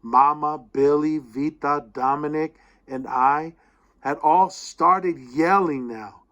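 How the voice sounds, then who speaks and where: A man reading a student's personal essay aloud, with expressive storytelling that slows down at the tense moments. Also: on the high side.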